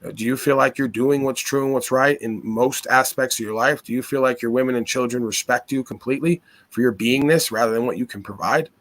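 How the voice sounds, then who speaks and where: A man at a middle pitch leads a casual philosophical podcast chat. He talks earnestly and probes with one rhetorical question after another. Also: steady tone, brisk, hardly any pauses, a bit bright. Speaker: podcast host.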